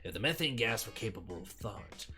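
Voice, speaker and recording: Man playing a gruff demanding young tough guy, loud, lively pitch. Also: brisk, over music, lightly acted.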